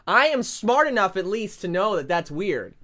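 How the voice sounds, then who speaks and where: Foul-mouthed excitable trailer reactor. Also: mid-range voice, moderate pace. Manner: excitable, swears constantly, jumps between hype and exasperation. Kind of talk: profane reaction rant.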